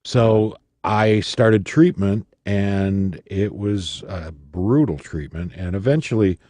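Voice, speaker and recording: A middle-aged radio man from Michigan with a low, mellow voice, recounting his story in a studio interview. He tells it dramatically, acting out the voices of the people he quotes. The studio mic sounds dry and close. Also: slow, no echo. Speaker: radio personality, guest.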